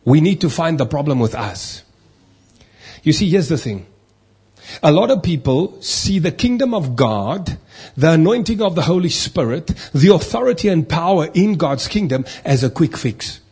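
Husky-voiced preacher, rhetorical and emphatic. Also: male voice, on the high side, a little mellow. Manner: preachy, rhetorical questions, acts out complaining voices. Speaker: pastor. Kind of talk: sermon.

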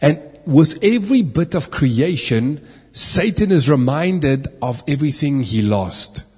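A man's voice: a little high, animated, a little slow, darkish tone, breathy edge. A man teaching from the Bible to a live group, asking his listeners questions and making playful asides. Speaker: preacher. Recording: echoey hall.

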